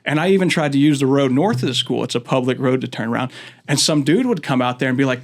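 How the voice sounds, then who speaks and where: A fast-talking Floridian man with a mid-range voice guests on a podcast, casually rambling through stories, laughing often and acting out what other people said. He's an adult, father of school-age daughters, and a county commission candidate.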